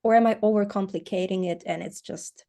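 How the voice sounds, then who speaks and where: A woman calling in to a coaching session over video, hesitant and halting. Her voice is mellow and dark, with little rise and fall. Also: mid-range voice, fairly even intonation. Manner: hesitant, halting, searching for words. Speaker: caller on a coaching call. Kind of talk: asking a question on a call.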